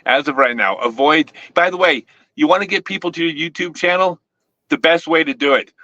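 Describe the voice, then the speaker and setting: Brief: male host, bright forceful tone, dry dull lo-fi recording, rambly and teasing. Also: a little high, fairly quick, dry recording. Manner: rambling with frequent restarts, playful teasing. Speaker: host, disc company owner. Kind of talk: casual interview chat.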